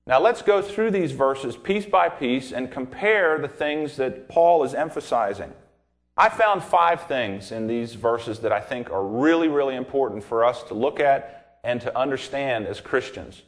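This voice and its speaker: A man's voice: mid-range voice, lively intonation, unhurried. A man preaching a sermon to his congregation, teaching verse by verse and acting out the voices in his anecdotes. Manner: addresses congregation directly with questions.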